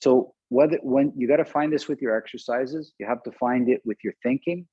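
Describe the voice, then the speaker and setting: A man's voice: mid-range voice, fairly quick, breathy edge, no room sound, highs cut off. A man teaching a live online martial arts class, conversational and often checking in with questions. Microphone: video call.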